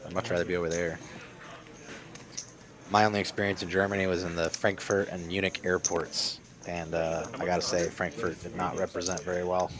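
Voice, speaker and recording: A man co-commentating a live poker game, relaxed and analytical, breaking down the hands. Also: sits low, fairly quick. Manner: relaxed, analytical, laughs easily. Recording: crowd noise behind.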